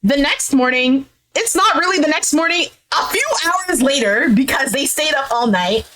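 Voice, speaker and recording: A woman recapping a dating show episode in a casual, animated way, quoting the cast as she retells each scene. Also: high voice, normal speed, poor audio. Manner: retells scenes animatedly, acting out quotes with "he's like". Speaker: recap vlogger. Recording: faint background noise.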